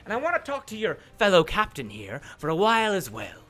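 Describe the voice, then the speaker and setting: A man's voice: sits high, wildly swooping pitch, a little fast, pushed and bright, soft background music, heavily acted. A man voicing a commanding woman pirate captain who is polite with a veiled threat. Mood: smoothly menacing.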